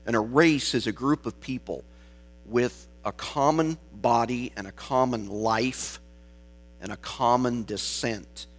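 A man delivers a sermon at an unhurried, measured pace, leaning on key words for emphasis. His voice sits at an ordinary pitch for a man. A faint electrical hum runs under the recording. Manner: slow, deliberate preaching with emphatic stresses. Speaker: pastor.

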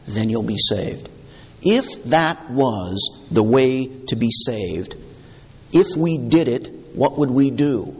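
A man preaching a sermon, deliberate and emphatic, repeating key words for weight. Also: medium pitch, sing-song, husky. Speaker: pastor. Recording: long hall reverb.

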